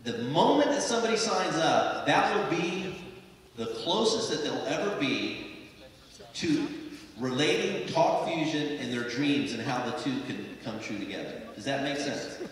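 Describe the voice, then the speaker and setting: An American man gives a motivational sales speech on stage in a large conference hall, captured echoey and from far off. His fairly high, expressive voice moves a little slowly, emphatic and repetitive as he rallies the audience.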